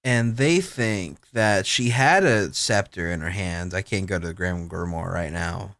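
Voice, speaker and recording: A man's voice: deep voice, a little slow, fairly bright tone, no room sound, studio quality. A man hosting a let's play, chatting in a playful, joking way. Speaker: host. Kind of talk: casual let's-play chat.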